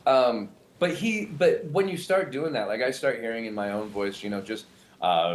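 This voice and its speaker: A male comedian and impressionist explaining his craft in an animated, self-interrupting way, often restarting sentences. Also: mid-range voice, moderate pace, slight background noise. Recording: roomy echo.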